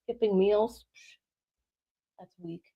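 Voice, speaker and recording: A woman's voice: medium pitch, slow, breathy edge, highs cut off. A woman joining a casual podcast chat, wisecracking and folksy.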